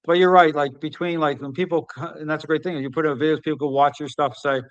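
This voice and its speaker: A man hosting a podcast, speaking casually and telling stories with animated emphasis. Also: a little high, fast, no echo, muffled recording. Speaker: podcast host and dog trainer. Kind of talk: casual conversation.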